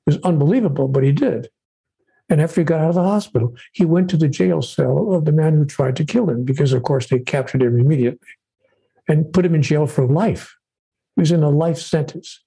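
An older man, an author and spiritual teacher, telling stories in an interview in a measured, preacherly way that drops low and soft for quoted lines. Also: slightly rough. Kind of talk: interview, storytelling.

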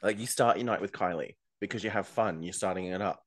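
A man's voice: low voice, fast. A man co-hosts a casual podcast. He talks in a chatty, gossipy way and often breaks into laughter. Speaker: podcast co-host recapping a TV show. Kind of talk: casual chat.

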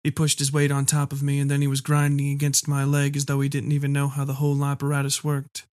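Man reading a dark story, flat and dry. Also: mid-range voice, fast talker, no room sound. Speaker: audiobook reader. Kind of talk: first-person story narration.

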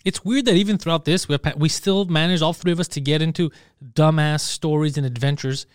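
Fast-talking profane man, casual podcast chat. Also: on the high side, steady tone, clean tone, dry recording, studio quality. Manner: rapid, profane storyteller. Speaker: podcast co-host.

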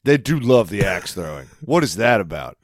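Brief: casual podcast co-host, man, laid-back joking banter, very low voice, dry close mic. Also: big pitch swings, moderate pace, dry recording. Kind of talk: casual chat.

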